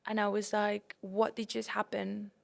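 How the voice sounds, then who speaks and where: A young woman from the UK and Spain, hosting a podcast and telling a travel story in a casual, animated way, often calling her listeners "guys". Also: medium pitch, measured pace, vocal fry. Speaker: podcast host.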